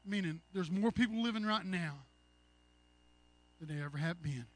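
High-voiced man preaching with fervor. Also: normal speed. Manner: earnest, rambling retelling with many "he said"s, rising to loud fervor. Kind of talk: sermon storytelling.

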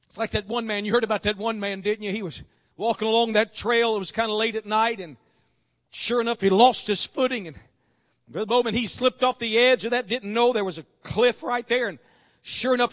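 A man with a very high voice preaches a revival sermon. He swings between hushed, low confiding talk and shouted, climbing exhortation. His phrasing is folksy, and he keeps calling for an amen. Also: big-room sound. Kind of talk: revival sermon with call and response.

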